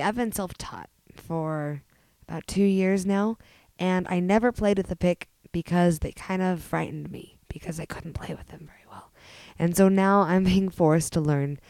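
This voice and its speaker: Hoarse woman hosting a chatty podcast. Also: lowish voice, darkish tone, dry recording. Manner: chatty and rambling, halting with fillers. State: hoarse from a cold. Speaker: podcast host. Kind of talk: casual podcast chat.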